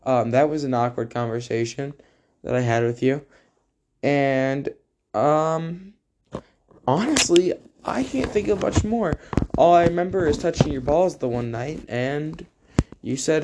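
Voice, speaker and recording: A man's voice: fairly high pitch, measured pace, darkish tone, slight background noise. A teenage boy giving a rambling, joking tribute to a friend, full of fillers and asides. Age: teens. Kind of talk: casual spoken tribute to a friend.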